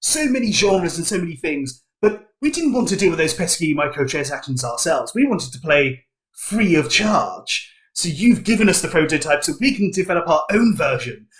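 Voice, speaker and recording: A man's voice: a little high, lively intonation, moderate pace, fairly bright tone. A man voicing a smug, scheming male villain who gloats mock-formally in comedic tabletop role-play. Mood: gloating.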